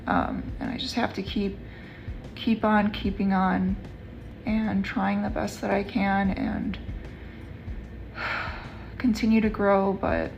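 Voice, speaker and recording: A woman talking low and heavily about loneliness and having nothing to look forward to. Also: creaky, a little hiss or hum. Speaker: vlogger. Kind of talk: confessional vlog.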